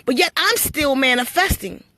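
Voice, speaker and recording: A woman's voice: high voice, expressive, moderate pace, sharp tone, no room sound. A woman telling her spiritual story to live-stream viewers, blunt and full of swearing, preachy and storytelling. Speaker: livestream host.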